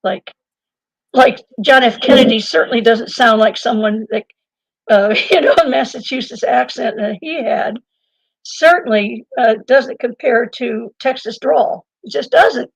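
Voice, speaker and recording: A woman's voice: on the high side, a little slow, creaky, breathy edge, no echo. An older woman telling a story as an interview guest, rambling and digressive, often breaking into laughter. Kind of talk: conversational storytelling. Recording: dull lo-fi dry sound.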